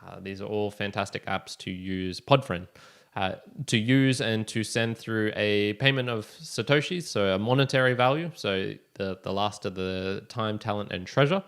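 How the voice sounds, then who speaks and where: A man's voice: lowish voice, moderate pace, fairly bright tone, clean tone. A young man hosting a solo podcast, talking casually and rambling with frequent restarts and chuckles. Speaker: podcast host.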